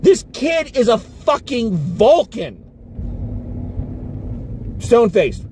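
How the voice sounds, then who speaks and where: Man, film reviewer, high voice, lively swoops of pitch, exasperated rant, inside a car, faint road hum behind. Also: unhurried. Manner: exasperated, animated ranting with swearing. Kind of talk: casual spoken movie review.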